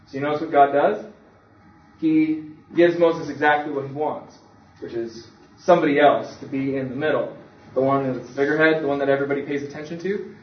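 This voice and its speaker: A man delivers a sermon, telling it like a story and acting out the voices in the quotes. His voice sits a little high. He is recorded from a distance in an echoey room, and the sound is a bit dull. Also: fairly even intonation, brisk. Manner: conversational storytelling with acted quotes. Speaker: preacher.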